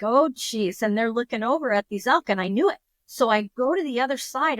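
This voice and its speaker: A woman guest on a podcast, telling a story in a lively, casual way and acting out her own thoughts in quotes. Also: a little high, dry recording.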